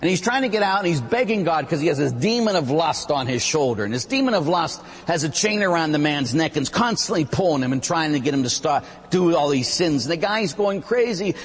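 A Catholic priest preaches with a lively, swooping delivery and a husky, somewhat high voice. He moves through stories and points energetically, and his words ring in a reverberant hall. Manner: animated storytelling preacher. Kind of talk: sermon.

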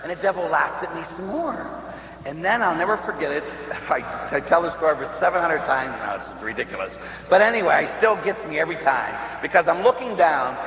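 A priest from Pittsburgh telling a story in a sermon, animated and often laughing, tossing out "huh?" to the listeners. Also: male voice, fairly high pitch, brisk, hardly any pauses. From Pittsburgh, USA. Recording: echoey hall, faint hum.

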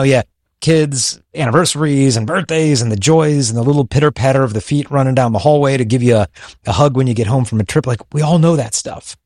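A man talks in an earnest, reflective way on a faith podcast, often restarting his sentences as he thinks aloud. His voice sits in a middle pitch and sounds close and dry, with no room sound around it. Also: darkish tone, dry recording. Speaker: podcast co-host. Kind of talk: faith-based podcast conversation.

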